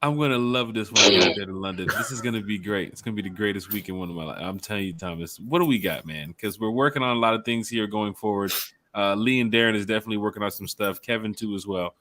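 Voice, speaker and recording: A man's voice: lowish voice, fast talker, bright, forceful tone. A man hosting a casual fan chat, upbeat and full of enthusiasm for the trip. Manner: enthusiastic, hypes the fans. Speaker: fan club host.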